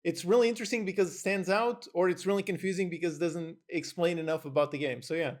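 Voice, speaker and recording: A male host with a slightly high voice responds to his guest in a measured, reflective way. He weighs ideas out loud and uses small fillers as he goes. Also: fairly even intonation. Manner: measured, thoughtful, with "so yeah" fillers. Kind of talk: interview reply.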